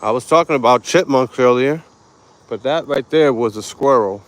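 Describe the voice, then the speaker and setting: A man's voice: medium pitch, moderate pace. A man hosting a casual walk-and-talk live stream on an outdoor park path, chatting laid-back with viewers through a handheld phone.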